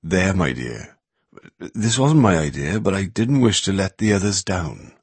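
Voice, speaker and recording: A man voicing a mild, apologetic older man who speaks gently, in a storybook reading. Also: low-pitched, very animated, measured pace, breathy edge, no echo, heavily acted.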